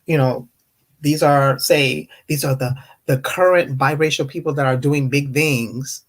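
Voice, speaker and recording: A livestream host, slightly tipsy from wine, talking casually with viewers in an open panel and acting out stories with lively mimicry. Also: mid-range voice, a little slow. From United States. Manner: animated storytelling, acts out others' rude questions in mocking voices. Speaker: host of a live online discussion panel. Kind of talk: casual livestream chat, greeting and answering viewers.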